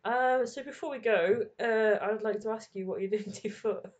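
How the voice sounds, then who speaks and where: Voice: mid-range voice, brisk, muffled recording. A podcast co-host in casual chat, teasing and dry, often laughing at their own jokes.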